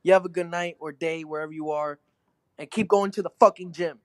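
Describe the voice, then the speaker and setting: A man calling in to a show, thanking the host with excited, swearing enthusiasm. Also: a little high, fairly quick, very noisy. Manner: gushing, profane enthusiasm. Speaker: caller.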